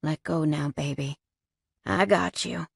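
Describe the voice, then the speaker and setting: Woman voicing a gruff tough biker man. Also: deep voice, steady tone, slow, dry recording, voice pushed down, heavily acted. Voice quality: gruff, growling.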